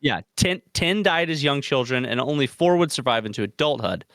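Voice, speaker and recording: A man's voice: medium pitch, lively intonation, fairly quick, a bit bright, dry recording, clean studio sound. A man co-hosting a casual true crime podcast, reading from notes and breaking off for profane, joking asides. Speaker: podcast co-host.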